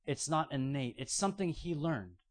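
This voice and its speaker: A man's voice: fairly high pitch, sing-song, moderate pace. A man preaching a sermon, retelling stories with playful acted-out voices. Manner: storytelling with playful acted-out quotes. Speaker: pastor.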